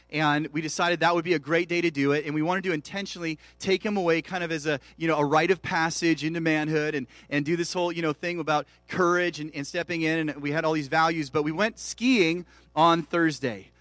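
A man's voice: fairly high pitch, a bit bright, dry recording. A man in his forties preaching a sermon, telling a family story and acting out the dialogue with big swings in volume. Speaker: pastor.

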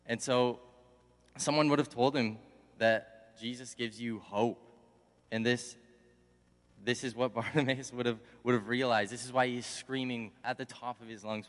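A young man, a college intern, giving a casual, conversational sermon. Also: on the low side. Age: young adult. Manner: conversational, animated when acting out the crowd. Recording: long hall reverb.

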